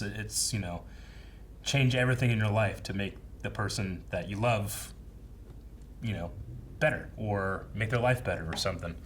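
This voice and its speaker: A man's voice: on the low side, normal speed, a bit bright. A young man co-hosting a reaction show, talking through his thoughts casually with plenty of fillers. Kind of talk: casual discussion. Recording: faint background noise.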